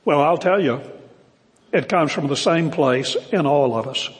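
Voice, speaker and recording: An older man preaches a sermon to his congregation, his voice sitting a little high for a man. He is earnest and emphatic, slowing down to lean on key words. The sound carries the long reverb of a church hall. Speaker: pastor. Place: church sanctuary.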